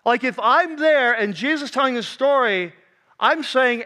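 Bright, animated male preacher. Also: a little slow. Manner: animated, swings from loud and high to soft and low. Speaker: pastor. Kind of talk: sermon.

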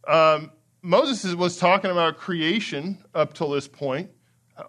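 Animated male pastor preaching. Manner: animated, acts out excited quotes with rising pitch; conversational with fillers and small laughs. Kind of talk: sermon.

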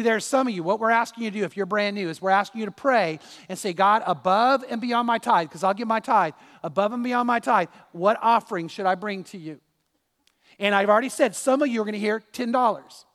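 This man's fairly high, slightly bright voice echoes through a church sanctuary, trailing off in long reverb as he preaches. The pastor's sermon is emphatic and direct, full of rhetorical questions aimed at the congregation.

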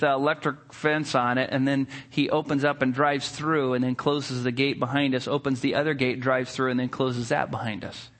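A man preaching a sermon, telling a story in a conversational, wry and animated way before drawing the lesson. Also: mid-range voice. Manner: conversational, with frequent restarts. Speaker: pastor. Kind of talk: sermon illustration told as a story.

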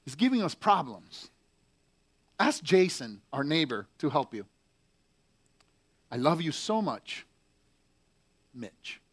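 A preacher reading aloud the letters of an angry, heartbroken young male Marine writing home, in a bitter, pained and halting voice. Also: fairly high pitch, big pitch swings, heavily acted. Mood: tender. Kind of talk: letter read aloud in a sermon.

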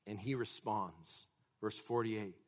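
A man preaching a sermon emphatically, rising to loud, forceful passages. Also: lowish voice, takes it slowly.

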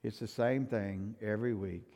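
An older male pastor preaching a sermon, emphatic and swinging from loud to soft, in a church sanctuary. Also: lowish voice, fairly even intonation, moderate pace. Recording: reverberant church hall.

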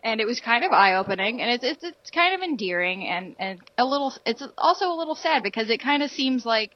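A woman's voice: on the high side, sing-song, brisk, no room sound, dull audio. A woman co-hosting a casual film-review chat, rambling with many restarts and fillers. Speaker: podcast co-host.

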